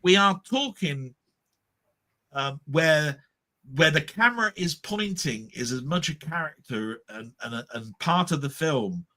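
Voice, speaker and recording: A middle-aged man chatting on a film live stream, cheerfully moaning and poking fun at himself. His voice is bright and forceful, and it sits a little high for a man, with big swings in pitch. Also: expressive, measured pace. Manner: jokey, self-mocking, mock-grumpy. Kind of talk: casual banter.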